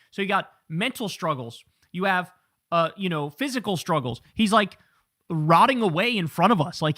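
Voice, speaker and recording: A man's voice: high voice, a bit bright, no echo, studio quality. A man hosting political commentary, talking casually in a blunt, profane and incredulous way.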